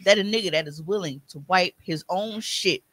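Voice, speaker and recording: Higher-voiced man telling crude stories on a podcast. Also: normal speed, no room sound, low-quality recording. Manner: animated storyteller, reads posts aloud with gusto. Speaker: podcast co-host. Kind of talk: crude comedic podcast chat.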